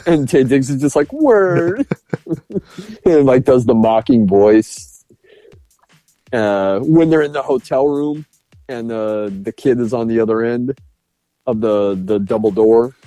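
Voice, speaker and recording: A podcast co-host reviews a film in casual chat, laughing often and swearing enthusiastically. His mellow, mid-range voice moves at a measured pace with long pauses, on a dry recording with faint music behind.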